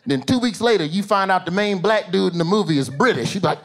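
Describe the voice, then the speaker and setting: A male stand-up comedian, performing an animated set that swings from low asides to high shouted bits on a theater stage. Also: quick pace, few pauses. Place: theater stage with a laughing audience. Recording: live show with loud crowd laughter and room noise.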